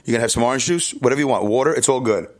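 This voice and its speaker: A man's voice: mid-range voice, racing. A man with a Brooklyn accent hosting his podcast from a hotel room, rambling and self-deprecating, with lots of restarts and asides. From New York. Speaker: podcast host. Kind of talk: casual solo podcast monologue.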